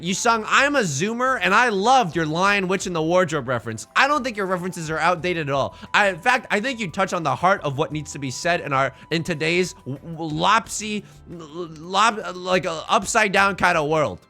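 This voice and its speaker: A man's voice: high-pitched, normal speed, soft background music. A man streaming, chatting casually and jokingly with viewers while playing a game. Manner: rambling, jokey, animated asides.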